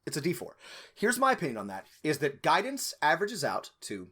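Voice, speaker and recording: A man's voice: a little high, huge pitch swings, a little fast, bright, forceful tone, breathy edge. Rambling, easygoing man co-hosting a podcast. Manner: rambling, thinks aloud with many fillers. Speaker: podcast co-host giving game master advice. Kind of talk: casual podcast chat.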